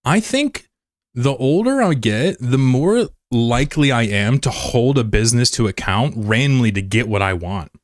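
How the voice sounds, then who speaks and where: A young man telling a story in casual, self-mocking chat, animated as he retells it. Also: mid-range voice, moderate pace, dry recording, studio quality. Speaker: streamer. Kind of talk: casual storytelling while gaming.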